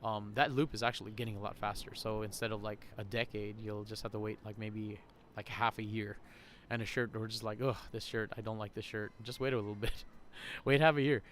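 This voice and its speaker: Chatty low-voiced man rambling outdoors. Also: steady tone, a little fast, a bit bright, a little hiss or hum. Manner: rambling, chatty, laughs often. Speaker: podcast host. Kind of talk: casual vlog monologue. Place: outdoor shopping center. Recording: faint crowd ambience outdoors.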